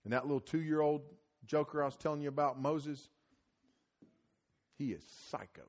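A middle-aged man preaching a sermon at a conference, mixing scripture with lively personal stories and getting loud when excited. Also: moderate pace, a little hiss or hum. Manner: animated, rises loud and high when telling stories. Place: conference hall.

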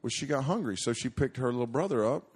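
A man's voice: mid-range voice, expressive, quick pace, a little mellow, breathy edge. A middle-aged man preaching to young people, telling a story in a folksy, rambling way with many restarts and fillers.

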